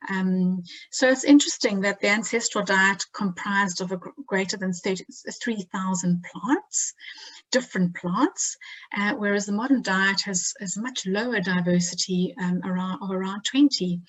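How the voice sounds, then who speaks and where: A woman's voice: medium pitch, moderate pace, low-quality recording. A woman with a South African accent, a nutritional therapist giving a health talk over slides, hesitant, with many fillers and restarts.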